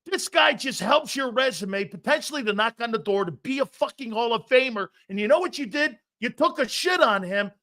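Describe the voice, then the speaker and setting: A man's voice: very high-pitched, expressive, moderate pace, few pauses, pushed and bright. Fired-up, swearing male sports ranter. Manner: profane, fired-up, emphatic. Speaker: sports commentator. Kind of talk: heated sports rant.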